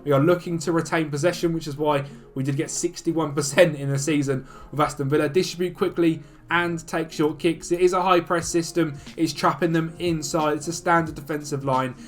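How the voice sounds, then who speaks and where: Male video host, casual commentary, chatty and upbeat, slightly high voice. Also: steady tone. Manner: chatty, upbeat, talks fast through stats. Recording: faint music behind.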